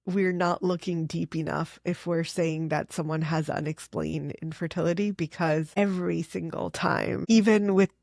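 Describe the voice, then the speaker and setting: A middle-aged woman, a fertility doctor, telling patient stories in an earnest, animated way with many "like"s. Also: low-pitched, normal speed, vocal fry, few pauses, dry recording, clean studio sound. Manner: earnest, animated storytelling with frequent "like". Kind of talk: conversational interview.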